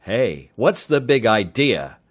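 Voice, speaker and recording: A man's voice: mid-range voice, expressive, moderate pace, voice pushed up, lightly acted. A man voicing a nervous, blustering male loiterer who stammers out his protests. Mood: protesting.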